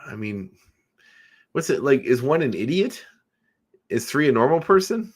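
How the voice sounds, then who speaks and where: A man's voice: mid-range voice, sing-song, moderate pace, breathy edge. A married man co-hosting a casual podcast, bantering, guessing numbers and swearing now and then. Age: adult, married. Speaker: podcast co-host. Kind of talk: casual chat.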